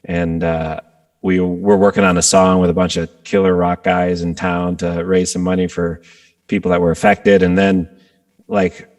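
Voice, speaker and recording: A man, a guest rock guitarist, telling stories in a casual interview and acting out quotes with sudden jumps in pitch. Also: moderate pace. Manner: animated storyteller, acts out quotes with jumps in pitch.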